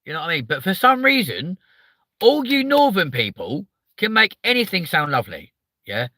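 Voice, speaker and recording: A man's voice: sits high, very animated, moderate pace, sharp tone. A man with a southern English accent hosting a live stream, chatting casually, swearing a lot and sounding hyper as he reads out viewer comments. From southern England.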